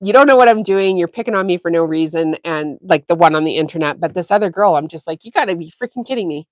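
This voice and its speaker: A woman's voice: fairly low pitch, lively intonation, fast, no room sound. A chatty woman hosts a casual sewing livestream, spinning a story with plenty of fillers. She acts out quoted dialogue with animation, and her voice sounds close and dry. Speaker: sewing channel host.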